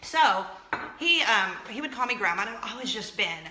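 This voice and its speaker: A woman's voice: fairly high pitch, animated, moderate pace, roomy sound, background noise. A woman in her thirties hosting a casual vlog, chatty and self-mocking, laughing often and acting out what people said. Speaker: vlog host. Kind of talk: casual chat to camera.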